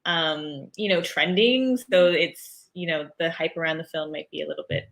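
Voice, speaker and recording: Woman from canada, co-host, fairly low pitch, bright tense tone, hesitant, lots of you-knows. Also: normal speed, creaky. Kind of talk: casual interview chat.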